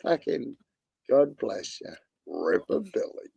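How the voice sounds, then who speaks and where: A man's voice: mid-range voice, very animated, takes it slowly, vocal fry, warm tone, slightly rough, dull audio. An Australian man hosting a livestream, chatting casually while gaming, crude and laid-back with heavy swearing. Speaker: livestream host.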